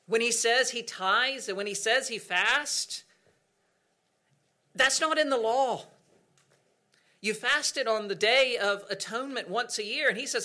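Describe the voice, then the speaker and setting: A male pastor delivering an earnest sermon at a measured, unhurried pace. His voice is high and bright. He leans on dramatic pauses and drops from loud to hushed. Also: expressive.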